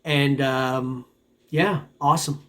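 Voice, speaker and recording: This metal detecting channel host has a medium-pitched, bright voice with a steady, forceful tone, and he speaks slowly. He rambles loosely to his viewers in casual vlog style, laughing often and calling everybody "man."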